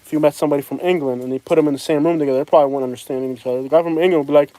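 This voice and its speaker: A man's voice: on the high side, steady tone, rapid-fire, mellow, dry recording. A man chatting casually and rambling to livestream viewers from outdoors in the rain. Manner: rambling, talks straight to chat viewers. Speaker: livestream host. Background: rain falling.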